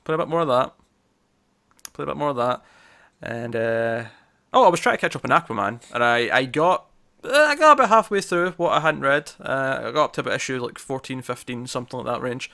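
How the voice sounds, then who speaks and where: A man's voice: mid-range voice, brisk, creaky, bright, forceful tone. A young man hosting a casual comics podcast, chatty and self-mocking, often stumbling over his words. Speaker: podcast host. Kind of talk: casual chat.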